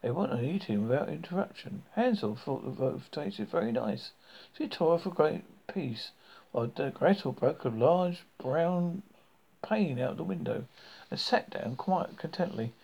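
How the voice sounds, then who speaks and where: A man reading a fairy tale aloud, halting and often stumbling over words, on a dull lo-fi recording. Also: a little high, lively intonation, gravelly, a little mellow, breathy edge. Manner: halting, with frequent stumbles and restarts. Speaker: storybook reader.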